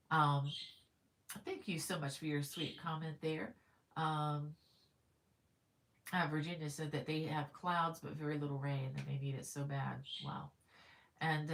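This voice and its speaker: A middle-aged woman with a low-pitched voice hosts a casual live stream. She chats in an upbeat way and greets viewers one by one. She fills her talk with ums and stops to correct herself. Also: a bit bright. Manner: frequent ums and self-corrections. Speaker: crochet livestream host.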